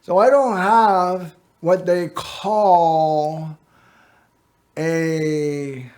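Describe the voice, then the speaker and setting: A middle-aged man hosts his own local TV show and talks straight to the camera. His voice sits high and he takes his time. He drifts from one story to the next, padding his talk with "you know" and "anyway.". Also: fairly even intonation, drawn-out words, a little mellow. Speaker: host of a local access TV show. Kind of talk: rambling personal monologue to camera.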